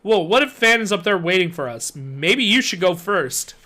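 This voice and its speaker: A cocky schoolboy jokes and brags, voiced by a man reading aloud. His bright voice is raised a little in pitch and volume. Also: expressive, moderate pace. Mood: teasing. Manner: teasing, eager. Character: boastful joking schoolboy.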